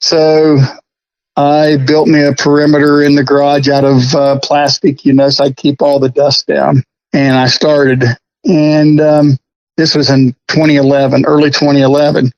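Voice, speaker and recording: A man's voice: on the high side, little pitch movement, normal speed, darkish tone, no room sound. Chatty folksy man, dry lo-fi sound. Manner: chatty, folksy, laughs often. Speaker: guest prop restorer. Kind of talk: casual storytelling interview.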